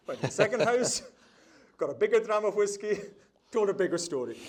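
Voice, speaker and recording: A medium-pitched, slightly mellow male voice belongs to a baker from the Isle of Lewis, Scotland. With his Hebridean Scottish accent, he chats, laughs and tells a yarn while cooking during a demonstration on a food festival hall's demo stage.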